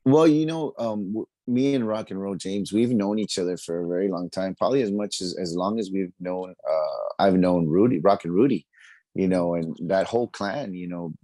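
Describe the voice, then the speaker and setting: A man, a musician guest chatting casually in an interview, upbeat and quick to laugh. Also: low-pitched, warm tone, no echo. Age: 40s.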